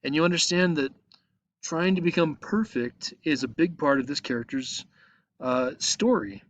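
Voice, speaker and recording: A man's voice: fairly high pitch, normal speed, no room sound, dull audio. Patient male teacher talking through his screen. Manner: patient, explaining step by step with frequent "okay?". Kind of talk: recorded online lesson walkthrough. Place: at a computer, screen recording.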